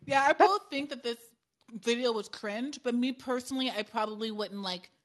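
A woman's voice: a little high, normal speed. A woman hosting a podcast in casual political chat, chatty and self-deprecating, laughing often. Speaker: podcast host.

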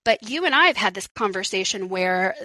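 A woman's voice: medium pitch, animated, brisk, pushed and bright, dry recording, low-quality recording. A woman hosting a live call-in podcast, talking frankly and chattily, laughing often and swearing casually. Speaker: podcast host.

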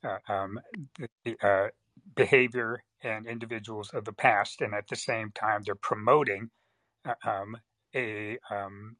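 A man calling in to a podcast, talking haltingly with many fillers and restarts as he hunts for words. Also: fairly low pitch, fairly even intonation, a bit bright, dry recording, rough recording. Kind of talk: casual call-in talk.

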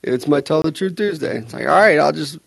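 Brief: male podcast co-host, gravelly husky voice, teasing banter, dry close sound. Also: a little high, animated, a little fast, no room sound. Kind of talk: casual chat.

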